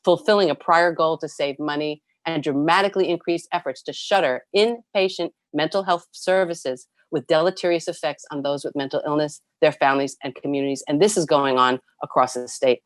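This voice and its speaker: Low-voiced woman giving earnest testimony. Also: brisk, few pauses, no room sound. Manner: earnest, emphatic, reads a prepared statement with stresses and repeats. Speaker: nurses' union president testifying. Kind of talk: prepared testimony at a public hearing.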